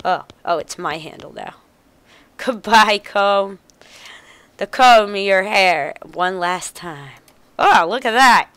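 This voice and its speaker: A woman's voice: mid-range voice, takes it slowly, fairly bright tone, clean tone, no room sound. A woman playing a video game, reading the game text aloud and chuckling as she goes. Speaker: gamer. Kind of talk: let's play commentary.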